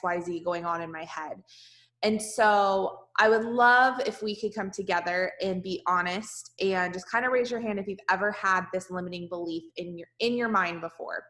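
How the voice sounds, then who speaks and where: A woman's voice: mid-range voice, bright, forceful tone. Emphatic woman leading her team. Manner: direct, emphatic, repeats for emphasis. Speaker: team leader. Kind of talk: motivational talk on a video call.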